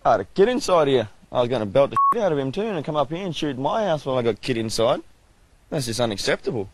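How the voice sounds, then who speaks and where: A man's voice: mid-range voice, sing-song, quick pace, a little hiss or hum, low-quality recording. Australian man, 20s, news interviewee, casual blunt talk.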